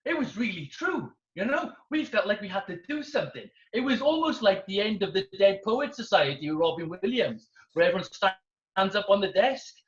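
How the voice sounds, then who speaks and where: A British man doing wry, deadpan observational stand-up comedy. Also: high-pitched, normal speed. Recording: roomy, dull-sounding.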